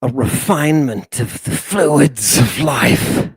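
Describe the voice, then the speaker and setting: A man's voice: medium pitch, expressive, takes it slowly, breathy edge, no room sound. A man hosting a lecture in a theatrical, rambling way. He keeps turning to his audience as "people". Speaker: lecture host.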